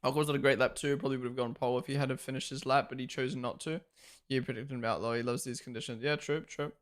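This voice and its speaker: Young male streamer, chatty watchalong host who reacts live and thanks chat, mid-pitch voice. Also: steady tone, fast talker. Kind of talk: casual live-stream commentary.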